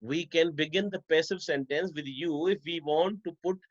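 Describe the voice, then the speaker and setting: A man with a high voice teaches a grammar lesson and says every example twice, slowly and deliberately. He keeps calling his class "dear students". The recording is dull and lo-fi, with a dry, close sound. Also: no room sound. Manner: repeats each example slowly, stretching words.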